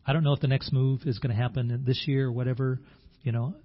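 Male pastor, husky voice, earnest sermon, dull lo-fi recording. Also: medium pitch, little pitch movement, fast. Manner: earnest, with repeated words and restarts. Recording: dull lo-fi sound.

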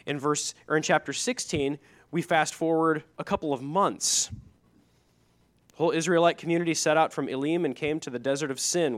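A middle-aged man, preaching a sermon in a conversational way, reading scripture and adding asides. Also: a little high. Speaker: pastor.

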